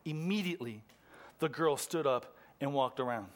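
A man preaching a sermon in a church, swinging from excited emphasis to hushed intensity. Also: mid-range voice, normal speed. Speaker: pastor. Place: church room.

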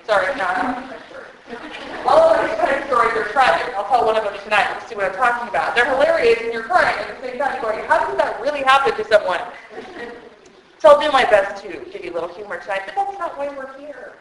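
A woman's voice: on the high side, lively intonation, a little fast, fairly bright tone, a little hiss or hum. A woman preaching at a women's conference, earnest and emotional, speaking straight to her audience through a microphone. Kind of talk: sermon. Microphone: handheld microphone. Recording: very echoey hall.

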